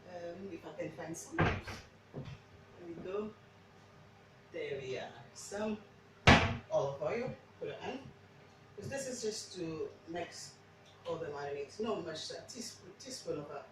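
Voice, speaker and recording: A woman whose first language isn't English rambles casually through a cooking demo at home, frequently starting over. Her pitch is fairly low with lively intonation, and she keeps a measured pace with frequent pauses, captured very echoey on a distant mic under heavy background noise.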